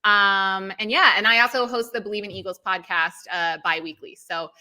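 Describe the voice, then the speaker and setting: An upbeat female sports reporter chatting as a guest on a talk show. Her voice is bright and forward, with a middling pitch, and she laughs easily. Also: steady tone, moderate pace. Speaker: sports reporter and podcast host. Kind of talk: casual guest chat.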